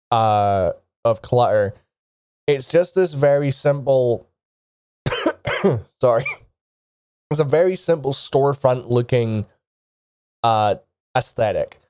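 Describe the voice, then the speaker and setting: A man running a tabletop game with a warm, mellow voice, describing each scene in a casual, rambling way. His voice is smooth and resonant. It sounds close and dry. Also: medium pitch, dry recording. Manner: descriptive, casual, with many fillers. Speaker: game master.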